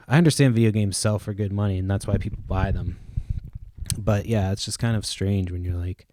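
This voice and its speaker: A man's voice: lowish voice, fairly quick, mellow. A man hosting a solo podcast, rambling casually with lots of fillers and swearing. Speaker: podcast host.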